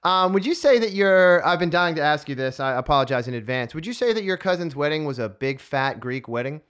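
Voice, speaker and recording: A man's voice: on the high side, lively intonation, fairly quick, a bit bright, clear, resonant tone. Easygoing man hosting a podcast. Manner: easygoing, rambling, self-deprecating. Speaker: podcast host. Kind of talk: casual interview.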